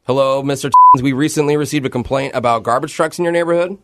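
A man on a radio show making a prank phone call, politely deadpan as a fake city clerk. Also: mid-range voice, quick pace. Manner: mock-polite, deadpan, breaks into laughter.

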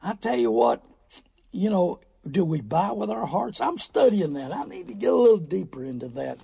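A middle-aged man, hosting a radio talk show in a folksy, preachy way with sudden loud bursts. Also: high voice, very animated, normal speed, creaky, slightly rough. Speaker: radio show host on car buying.

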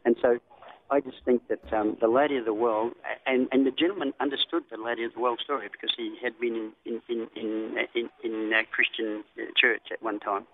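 A man's voice: medium pitch, fairly even intonation, a little fast. A man with an Australian accent calling in to a radio show, talking casually and rambling with many ums and restarts. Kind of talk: casual phone call. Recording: tinny phone line.

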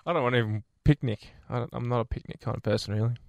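A man's voice: medium pitch, vocal fry, no echo. A man hosting a radio show, chatting playfully and laughing easily. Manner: playful, animated storyteller, quick to laugh. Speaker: radio host. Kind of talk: casual radio chat. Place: radio studio. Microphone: studio microphone.

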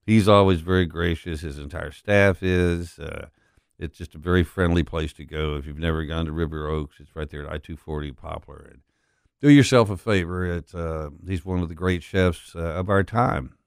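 A middle-aged man hosting a talk radio show, rambling and folksy with many filler pauses, on a studio broadcast mic. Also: sits low, vocal fry, smooth, no echo.

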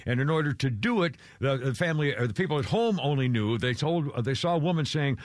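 A man's voice: medium pitch, animated, fast talker, hardly any pauses, no echo, studio quality. An older man hosting a talk radio show, rambling through gossip with wry, self-deprecating humor. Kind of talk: casual talk radio chat.

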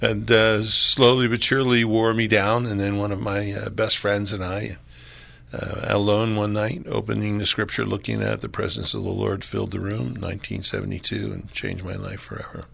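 An older man from Philadelphia, a pastor telling his life story in a relaxed, chuckling, rambling way during a radio interview. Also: on the low side, moderate pace, vocal fry, no echo.

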